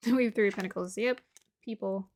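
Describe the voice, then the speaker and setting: Woman, tarot reader, casual and chatty, laughs easily, faint background noise. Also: mid-range voice. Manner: chatty, musing aloud, laughs often, drops to murmurs. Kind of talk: casual tarot reading to viewers.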